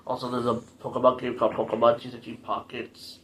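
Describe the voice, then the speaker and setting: A man's voice: medium pitch, completely flat delivery, fast talker, fairly bright tone, slight background noise. A man hosting his own playthrough video, talking in a rambling, jokey, self-deprecating way. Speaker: gaming channel host. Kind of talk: casual game commentary.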